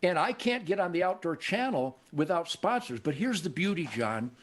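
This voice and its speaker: An older man from Michigan hosting a show, telling stories in a cocky, animated way and acting out the voices of people he quotes. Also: high-pitched, moderate pace. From Michigan, USA. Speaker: show host. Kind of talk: casual storytelling conversation.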